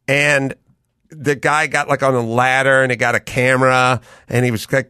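A man co-hosting a studio podcast, telling stories in an animated way, laughing and acting out quotes. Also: mid-range voice, moderate pace, clear, resonant tone, dry recording. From United States. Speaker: podcast co-host. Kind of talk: casual storytelling chat.

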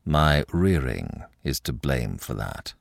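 A man reading a measured, ironic young Frenchman in a story. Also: very deep voice, big pitch swings, gravelly, no room sound, clean studio sound, voice pushed down, exaggerated voice. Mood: earnest. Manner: measured, wry.

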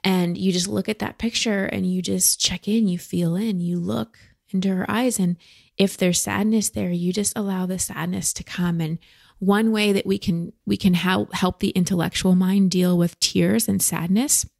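A woman hosting a podcast, giving slow, gentle, reassuring emotional coaching to a guest. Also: medium pitch, steady tone, creaky, no room sound, clean studio sound. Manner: gentle, slow, reassuring advice with soft laughs. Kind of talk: coaching conversation.

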